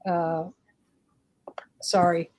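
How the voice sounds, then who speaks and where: A woman's voice: on the low side, monotone, extremely slow, a little mellow. A woman chatting casually as a guest, rambling and hesitant, with many fillers. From northeastern United States. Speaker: psychic guest. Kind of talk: casual chat.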